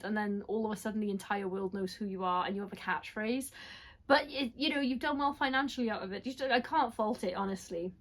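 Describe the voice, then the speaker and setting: Young woman, slightly high voice, casual unboxing chat, apologetic, self-deprecating. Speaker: book vlogger.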